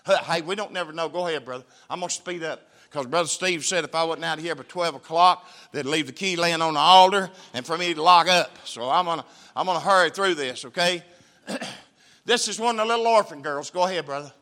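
A man's voice: fairly high pitch, fairly quick, pushed and bright. A man, a missionary preacher telling a testimony in a church sermon, folksy and emphatic. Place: church sanctuary.

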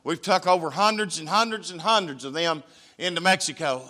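A man's voice: fairly high pitch, fairly quick, sharp tone. A man, a missionary preacher telling a testimony in a church sermon, folksy and emphatic. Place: church sanctuary.

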